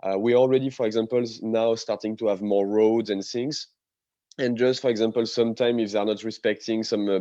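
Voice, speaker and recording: A man with a low, mellow voice speaks over a dull, muffled video call line that sounds dry and close. He talks casually as a panel guest, halting often on fillers but staying enthusiastic. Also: dry recording. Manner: hesitant, many fillers, enthusiastic. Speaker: diving instructor and panelist.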